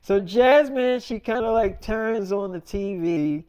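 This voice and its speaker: A man's voice: sits high, unhurried, a little mellow, clean tone. A man telling an improvised story in a casual, profane, rambling way and acting out the voices of the people in it.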